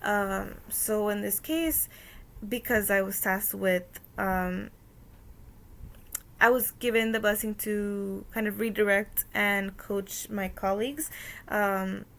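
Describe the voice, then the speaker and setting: A woman's voice: medium pitch, steady tone, takes it slowly, a bit bright. A young woman casually recounting a workplace conflict for a course assignment, with many "um" fillers and quoted dialogue. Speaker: student presenting a course activity. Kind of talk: casual spoken reflection.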